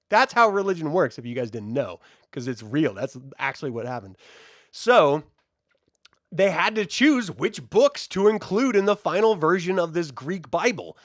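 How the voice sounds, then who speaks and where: Animated joking man reviewing films. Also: on the high side, measured pace, no echo, studio quality. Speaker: host. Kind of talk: casual spoiler film review.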